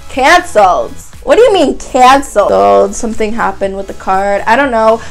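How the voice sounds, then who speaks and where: Young Canadian woman vlogger, higher-pitched, chatty storytime delivery peppered with "like". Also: normal speed, creaky, faint music behind, rough recording. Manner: animated retelling, heavy use of "like", voices other people's lines. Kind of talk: casual storytime vlog.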